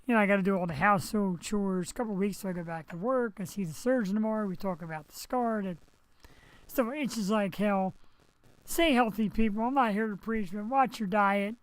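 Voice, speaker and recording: A high-voiced man speaking a little fast hosts his live internet show from home over a headset mic, recovering from surgery as he goes. His casual chat rambles loosely with jokey asides, and the recording is rough but has no echo.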